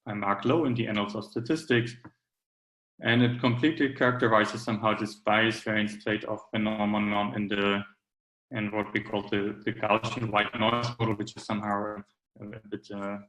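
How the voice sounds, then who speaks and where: Male academic speaker, low monotone delivery, hesitant, roomy lecture-hall sound. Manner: hesitant, many fillers and restarts. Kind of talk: conference talk.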